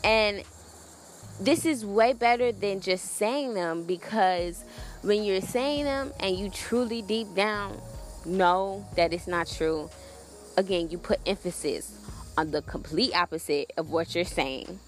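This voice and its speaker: A woman's voice: mid-range voice, slow, soft background music. A young woman hosting a solo podcast, talking in a casual, earnest and rambling way with many fillers and restarts. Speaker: podcast host.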